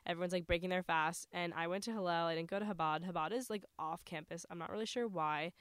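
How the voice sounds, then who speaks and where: A woman's voice: lowish voice, fairly bright tone, clear, resonant tone, no room sound. A young college woman from New York chatting casually with a friend, rattling on with lots of "like" fillers. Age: young adult. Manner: fast, chatty, frequent "like" fillers. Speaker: college student co-host. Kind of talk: casual chat.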